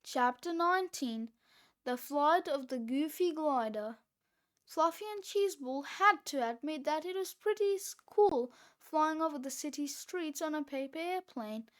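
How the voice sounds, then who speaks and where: A woman reading a children's book aloud, with expressive, deliberate narration. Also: sits high. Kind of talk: read-aloud storybook narration.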